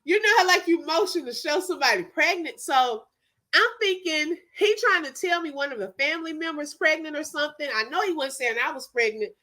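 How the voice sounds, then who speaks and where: A livestream host with a high, fairly quick voice tells an animated story in a casual live chat, laughing often and talking to her chat.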